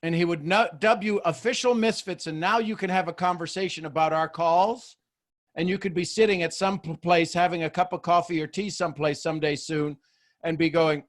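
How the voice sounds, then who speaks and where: A man leads a motivational group call over a video link, goofy and animated, doubling up his words as he goes. His voice sits somewhat high for a man. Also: fairly quick. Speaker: mentor and host of a group call.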